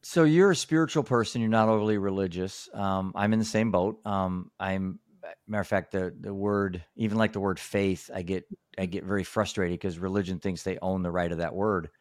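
This is a man hosting a podcast, chatting casually at a moderate pace in a deep, steady voice. His talk rambles, full of restarts and "you know." The sound is clean studio audio without echo.

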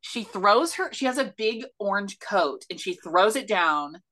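A woman's voice: mid-range voice, expressive, unhurried, bright, forceful tone. A woman co-hosting a movie review podcast, talking in an enthusiastic, rambling way full of fillers. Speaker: podcast co-host. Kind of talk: casual movie review chat.

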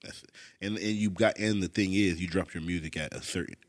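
A young man with a very low, deep voice talks fast in a loose podcast chat. He rambles, restarts his thoughts and swears freely. The sound is dry and close, with no room echo. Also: fairly even intonation. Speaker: podcast co-host. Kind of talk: casual chat.

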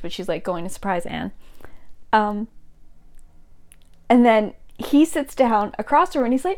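A young woman co-hosting a podcast, retelling a story in animated, breathless casual chat full of "like". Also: medium pitch. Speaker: podcast co-host.

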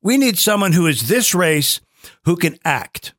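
A middle-aged man with a fairly high voice talks emphatically, and his pitch swings widely. He restarts his sentences often as he pushes his points. The sound is dry and close. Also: sing-song, unhurried, fairly bright tone, no echo. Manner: emphatic, with frequent restarts and acted quotes. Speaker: advertising voice actor, guest. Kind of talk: opinionated conversation.

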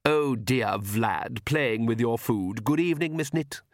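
A languid aristocratic vampire count from a storybook, urbane and condescending, as a male reader puts him on. His voice sits at a middling pitch and sounds close and dry. He speaks with weary, polished boredom. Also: measured pace, no echo, natural voice.

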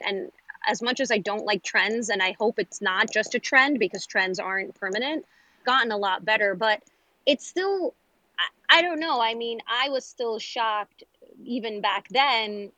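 A woman with a New York accent, a guest chef talking candidly and quickly in a relaxed interview chat. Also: medium pitch, no echo, low-quality recording. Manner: candid, chatty, quick asides.

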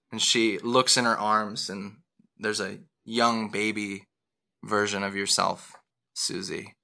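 A man's voice: lowish voice, little pitch movement, slow, vocal fry, sharp tone. A man narrating as game master in a tabletop game, rambling with fillers and self-corrections.

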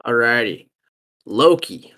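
A man's voice: medium pitch, animated, takes it slowly, bright, forceful tone. A man co-hosting a casual podcast, running through the picks and asking questions between giggles. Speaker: podcast co-host running the list. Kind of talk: casual group chat.

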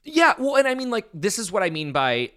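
This is a man chatting casually as a podcast co-host, his voice bright and edged. He swings his pitch up and down a lot, acting out quotes as he talks. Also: a little fast. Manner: animated, acts out quotes in a shifting voice. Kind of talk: casual recap chat.

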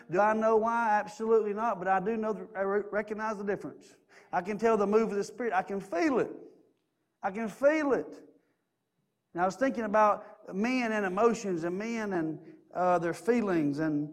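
A middle-aged man preaching a sermon, earnest and personal, telling stories and repeating key phrases. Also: high-pitched.

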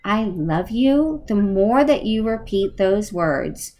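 A woman's voice: medium pitch, takes it slowly. A middle-aged woman hosting a podcast interview, effusive and chatty, laughing often. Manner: warm, effusive, animated with laughs. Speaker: podcast host. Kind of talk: casual interview chat.

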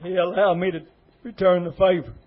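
Husky earnest preacher man, high voice. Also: level tone, a little fast, phone-quality sound. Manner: emotional, earnest, repetitive pleading. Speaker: associate pastor. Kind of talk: testimony sermon.

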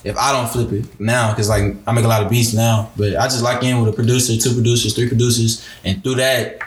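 A man's voice: medium pitch, level tone, a little fast. A twenty-year-old man talking as a guest musician in a casual podcast interview, laid-back and full of slang, with many restarts. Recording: roomy echo.

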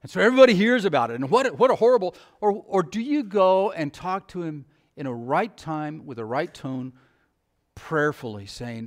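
A man's voice: fairly high pitch, animated, normal speed. A middle-aged male pastor preaching a sermon, asking the congregation rhetorical questions in a conversational way.

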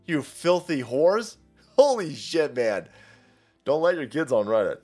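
A man's voice: a little high, very animated, a little slow, a little mellow, soft background music. A man hosting a ranting commentary show, talking in a crude, mocking way and laughing often. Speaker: host.

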